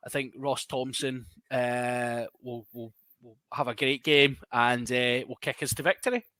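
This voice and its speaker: A man hosting a casual sports podcast, often halting and repeating words as he looks for the next one. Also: medium pitch, fairly even intonation, pushed and bright, no echo. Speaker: podcast host.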